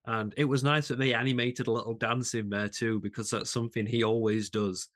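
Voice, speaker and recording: A man's voice: medium pitch, level tone, brisk, a bit bright. A man co-hosting a casual podcast chat, talking enthusiastically with frequent restarts and laughs. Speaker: podcast co-host.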